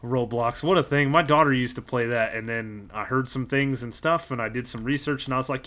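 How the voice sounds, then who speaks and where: A man's voice: medium pitch, fairly quick, few pauses, a bit bright. A man in his thirties chatting casually on a live stream, rambling and joking, chuckling as he goes and greeting viewers by name.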